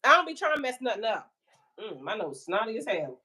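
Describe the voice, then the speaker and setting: A woman's voice: a little high, very animated, brisk, background noise. A woman hosting a livestream as a spiritual life coach, chatting casually with viewers in a playful, slangy way and laughing often.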